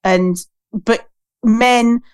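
A woman's voice: on the high side, steady tone, very slow, smooth, no echo, studio quality. A woman guest on a podcast, talking candidly and emphatically, swearing freely. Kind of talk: candid conversational podcast talk.

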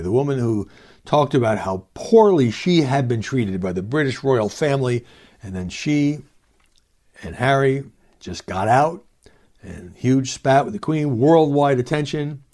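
A man's voice: mid-range voice, a little mellow, slightly rough. A man hosting a solo podcast, giving commentary with wry, mocking asides. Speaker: podcast host.

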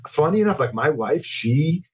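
A man's voice: a little high, very animated, moderate pace, darkish tone, slightly rough. A man from Canada, a company founder talking as a podcast guest in a rambling way that often restarts sentences. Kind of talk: casual podcast interview.

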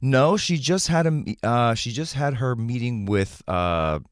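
A man co-hosting a podcast, chatting casually with wry, quick asides. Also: mid-range voice, lively intonation, dry recording, clean studio sound. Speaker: podcast co-host. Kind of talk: casual chat.

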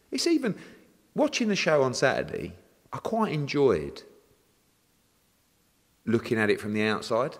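A man, a boxing promoter talking in a casual interview, animated and swearing freely as he rants. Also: medium pitch. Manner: animated, swearing, ranting with acted-out exchanges. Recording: long reverb.

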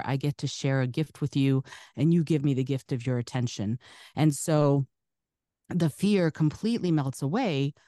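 A native Russian speaker from the Soviet Union, this woman talks in broadcast-style American English as an interview guest, telling stories casually, chatty and animated and laughing often. Her voice is low, and the recording is dry and studio quality.

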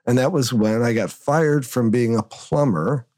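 A man from Northern Illinois, a guest on a podcast interview, telling stories in an animated way with big swings in pitch. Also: unhurried, no room sound. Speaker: guest, agency consultant and author.

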